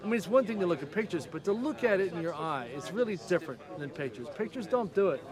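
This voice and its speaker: A high-pitched man speaks eagerly about telescopes in an outdoor interview, explaining things with plain enthusiasm. A clear crowd murmurs around him. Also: animated, fast. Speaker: amateur astronomer.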